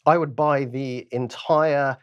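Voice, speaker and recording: A man talks trading as a podcast guest, chatty and animated, full of quick asides and restarts. His voice sits in a middling pitch. The sound is dry and close. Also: clean tone, dry recording, lo-fi sound. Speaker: podcast guest, crypto trader. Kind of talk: casual interview chat.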